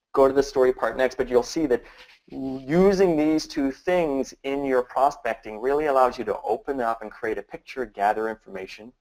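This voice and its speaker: A man's voice: medium pitch, a little mellow, rough recording. A man giving a casual training talk on prospecting, acting out sample questions in a shifting, curious tone. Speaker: business trainer.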